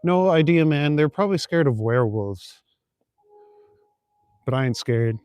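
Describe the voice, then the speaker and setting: A man's voice: fairly high pitch, lively intonation, a little slow, darkish tone, smooth, dry recording. Laid-back young man streaming on night walk. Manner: laid-back, chuckling, rambling with many fillers. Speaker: livestreaming vlogger. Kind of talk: casual chat, reading and answering viewer comments. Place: city streets at night, outdoors.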